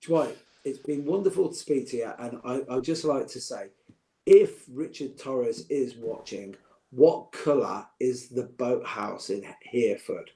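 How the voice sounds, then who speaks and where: A man's voice: mid-range voice, measured pace, dark tone. A middle-aged man, chatting as a podcast guest, joking and heartfelt by turns. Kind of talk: casual chat.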